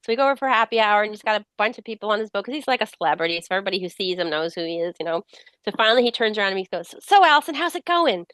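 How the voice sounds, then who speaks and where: A woman's voice: mid-range voice, very fast, dry recording. A middle-aged woman author, a guest with a slight cold, telling stories and acting out what people said. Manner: lively storyteller who acts out quoted dialogue. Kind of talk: casual interview storytelling.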